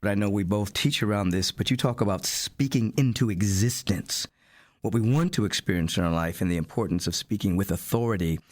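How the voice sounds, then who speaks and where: Male radio host, low voice, dry studio sound, affirming interviewer. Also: a little fast, no room sound. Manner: affirming, prompting questions.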